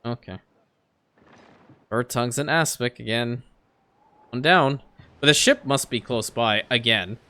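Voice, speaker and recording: Unhurried and medium-pitched, a man's bright, ringing voice narrates his strategy game in a casual let's-play. The gameplay commentator mutters as he plays, speaks right to the game, and sometimes blows up in loud, exasperated rants.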